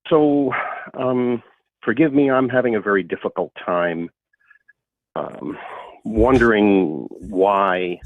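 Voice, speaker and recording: A man giving a halting, earnest public comment over the phone, with many fillers. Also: lowish voice, dry recording. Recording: tinny phone line, dry.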